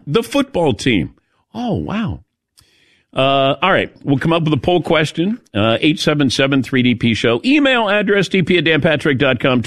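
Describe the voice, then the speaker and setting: A man's voice: medium pitch, fairly bright tone, no echo, clean studio sound. A middle-aged man hosting a casual sports talk radio show, chatty and storytelling, laughing at his own jokes.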